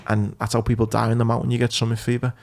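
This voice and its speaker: A man's voice: medium pitch, completely flat delivery, racing, gravelly. A man hosting a podcast, telling long rambling anecdotes in casual chat and swearing freely. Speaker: podcast host.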